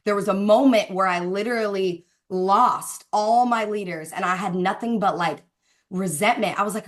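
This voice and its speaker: A woman leading a Zoom call for her sales team, giving a fervent, preachy motivational talk about faith. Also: medium pitch. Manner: fervent, preachy, speeds up and slows down for emphasis. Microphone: video call.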